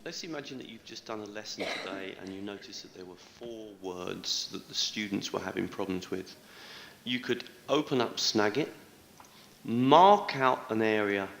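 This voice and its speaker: Low bright-voiced man walking through a screencast tutorial, echoey hall playback. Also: moderate pace, slight background noise. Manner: clear step-by-step explaining, careful word stress. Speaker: teacher trainer. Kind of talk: screencast tutorial played back.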